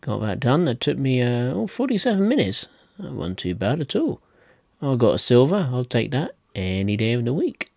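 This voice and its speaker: A man streaming a train simulator game live, chatting in a relaxed way and thinking aloud as he drives. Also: mid-range voice, normal speed, vocal fry, no echo. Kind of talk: live gameplay commentary. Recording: game train noise behind.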